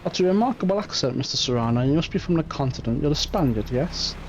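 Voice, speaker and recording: Man voicing a polite gentleman investigator. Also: on the high side, animated, quick pace, a little hiss or hum. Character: polite male investigator, curious and composed. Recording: muffled stream audio, faint music.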